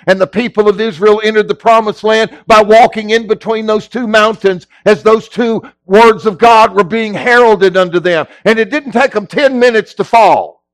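A middle-aged male pastor preaching a sermon in a folksy way, moving between low, quiet teaching and loud shouting. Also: steady tone, normal speed, hardly any pauses, no echo. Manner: folksy, drops into casual grammar.

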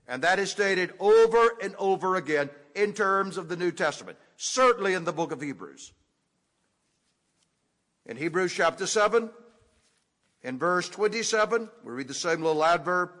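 A man preaching an expository sermon, teaching deliberately and leaning hard on key words. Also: sits high, expressive, fairly bright tone. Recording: echoey hall with long reverb.

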